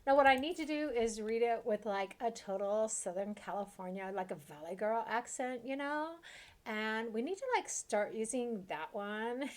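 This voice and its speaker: A woman's voice: fairly high pitch, normal speed. Giggly woman streaming a game. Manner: giggly, chatty, trails off into asides. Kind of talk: casual gameplay commentary, reading game text aloud.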